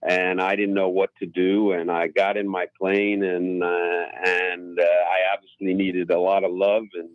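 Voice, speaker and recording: Low-voiced male guest on talk radio, slow halting storyteller, dry and slightly muffled studio sound. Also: little pitch movement, no echo. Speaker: pilot guest. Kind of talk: casual radio interview storytelling.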